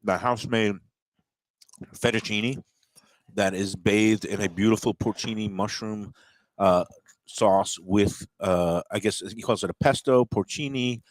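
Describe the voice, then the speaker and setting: A man co-hosts a talk show in relaxed, casual chat, pausing with fillers as he talks. His voice is on the low side and sounds dry and close. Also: no echo. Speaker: show co-host.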